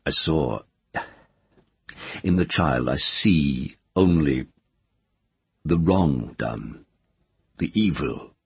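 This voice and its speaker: A man voicing a weary, ashamed older wizard who speaks very low and slowly. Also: gravelly, husky, exaggerated voice. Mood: subdued. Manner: very low, slow, subdued.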